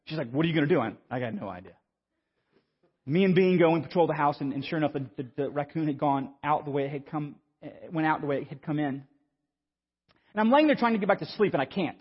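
A man, preaching a sermon and telling a story in an animated, stammering, self-mocking way. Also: fairly high pitch, fast, slightly rough. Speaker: pastor. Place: church sanctuary. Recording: muffled sound with long hall reverb.

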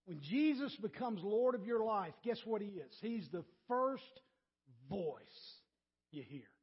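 A male pastor preaches to his congregation with a strikingly high, raspy voice, repeating himself as he builds a point. He calls on listeners by name and moves between near-whispered asides and loud, emphatic lines. The recording is muffled and lo-fi. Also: expressive, a little slow. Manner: swings from quiet to loud and emphatic. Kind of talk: sermon.

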